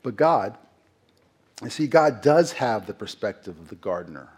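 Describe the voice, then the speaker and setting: A man's voice: medium pitch, sing-song, normal speed, darkish tone, slightly rough. A middle-aged man preaching a sermon in a conversational way, asking the congregation questions and acting out quotes. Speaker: pastor.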